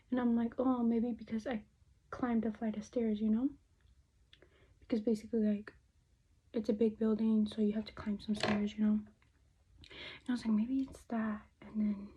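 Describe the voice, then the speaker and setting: A young American woman, a beauty vlogger, chats casually while doing her makeup, swearing often and slipping into Spanish phrases. Her voice sits on the high side and sounds husky, with a flat, unhurried delivery and long pauses. The audio is dull lo-fi phone sound.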